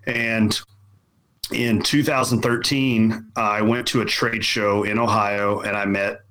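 A man's voice: lowish voice, flat delivery, unhurried, sharp tone, poor audio. A middle-aged man telling a casual, rambling story, restarting and repeating words as he goes. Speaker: podcast guest.

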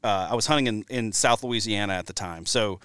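A man hosting a casual hunting podcast, chatty and telling stories with lively asides. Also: lowish voice, a little fast, clean tone, dry recording. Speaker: podcast host.

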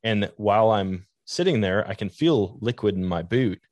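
A man with a low voice hosts a podcast, telling his stories in a casual, meandering way. He leans on "like" as a filler. The sound is dry and close. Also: animated, normal speed, darkish tone, no room sound. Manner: rambling anecdotes with many "like" fillers. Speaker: podcast host. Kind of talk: casual storytelling chat.

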